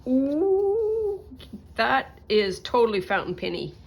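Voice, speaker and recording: A woman's voice: medium pitch, expressive, a little slow. A woman chatting casually to her viewers while she crafts, thinking aloud and joking about herself. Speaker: crafting vlogger. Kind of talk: casual crafting chat to camera.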